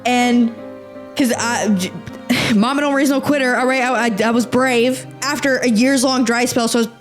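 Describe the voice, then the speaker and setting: A young American woman hosting a podcast, reading posts aloud and reacting in an animated, exaggerated, swearing rant. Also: fairly high pitch, normal speed, faint music behind. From United States. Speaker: podcast host.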